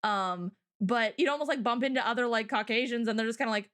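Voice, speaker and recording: A young woman co-hosting a casual chat, telling stories with lots of laughter and acting out the people she quotes. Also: fast. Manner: animated storyteller, acts out quotes with big pitch jumps and laughter. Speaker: co-host.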